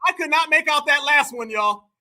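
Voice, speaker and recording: A man's voice: extremely high pitch, normal speed, a crowd in the background, noisy background. A man hosting a live reaction stream, talking emphatically and mockingly with frequent laughter.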